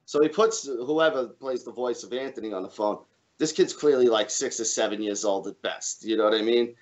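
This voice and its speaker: A man's voice: mid-range voice, fairly quick, poor audio. A man chatting as a guest on a live comedy podcast, telling stories full of swearing and acting out the people he quotes. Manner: storytelling with profanity, acts out quoted voices. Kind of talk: casual podcast chat.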